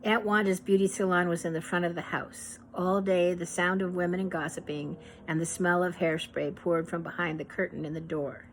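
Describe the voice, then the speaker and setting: A woman from Pittsburgh reading her memoir aloud in an unhurried, reflective way, now and then correcting herself. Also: on the low side, steady tone, a little hiss or hum, low-quality recording. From Pittsburgh, USA.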